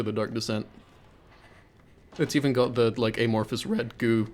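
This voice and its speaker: A man's voice: mid-range voice, fairly even intonation, normal speed, slight background noise. A man streaming a horror game live, cracking jokes, swearing and hamming up his reactions. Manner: jokey, swears, loud over-the-top reactions. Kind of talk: live gameplay commentary.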